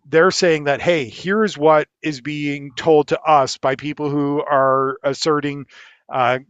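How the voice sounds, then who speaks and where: A man giving casual, measured legal commentary on a podcast, explaining step by step with many fillers and blunt asides. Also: fairly high pitch, little pitch movement, clean tone, no room sound, dull audio.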